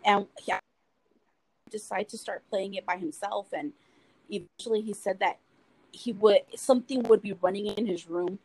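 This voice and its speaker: A woman, a guest in a casual chat, tells a story in an earnest, halting way. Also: medium pitch, steady tone, a little mellow, breathy edge, low-quality recording.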